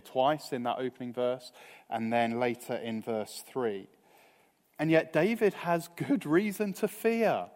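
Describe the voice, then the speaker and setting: Measured, slow-speaking man preaching in a hall. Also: mid-range voice. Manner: earnest, measured, trailing off softly at phrase ends. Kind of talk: evening sermon. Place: church hall. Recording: reverberant hall.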